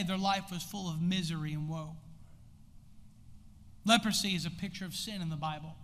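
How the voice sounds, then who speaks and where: In a church sanctuary with long hall reverb, a high-voiced male preacher from the United States gives a sermon. He is a pastor whose delivery grows more intense and erupts in sudden shouts.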